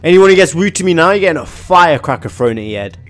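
A young man giving excitable, slangy commentary on a video game, often yelping and laughing. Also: on the high side, fast talker, soft background music. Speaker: gaming YouTuber. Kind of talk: gaming commentary.

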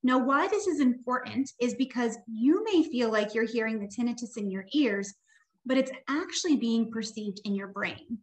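A woman audiologist giving a clear, friendly webinar talk as a tinnitus program director. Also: on the high side, lively intonation, moderate pace, a little mellow. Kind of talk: webinar presentation.

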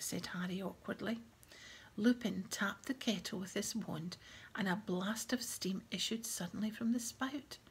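A woman narrating an audiobook in a soft, breathy reading voice. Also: medium pitch, fairly even intonation, moderate pace.

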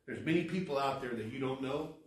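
A man's voice: mid-range voice, lively intonation, brisk, slight background noise. Preaching man in an echoey church. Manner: preaching with rising emphasis, then softening to a hushed tone. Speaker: pastor. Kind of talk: sermon. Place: church sanctuary. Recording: echoey hall from far off.

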